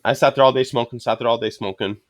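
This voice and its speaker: A man tells rambling stories full of swearing. His voice sits in a middling pitch. The sound is close and dry, with no room echo. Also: fairly even intonation, fast. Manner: loose, profane, rambling storytelling. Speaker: podcast guest. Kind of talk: casual storytelling chat.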